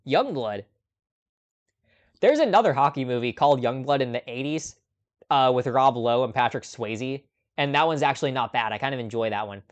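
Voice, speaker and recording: Guy doing a casual movie livestream, smooth clear voice, lots of ums and little laughs, mid pitch. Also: lively intonation, normal speed, long pauses. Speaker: host. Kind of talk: casual live-stream chat.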